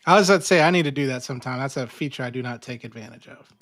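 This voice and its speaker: A man's voice: mid-range voice, racing, fairly bright tone. A man co-hosting a casual talk show, laid-back and stammering a little. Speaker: podcast co-host. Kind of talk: casual chat.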